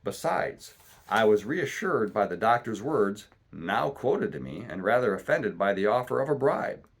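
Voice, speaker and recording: Husky, low-voiced dad reading a storybook. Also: male voice, very animated, a little slow. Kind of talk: storybook read-aloud narration.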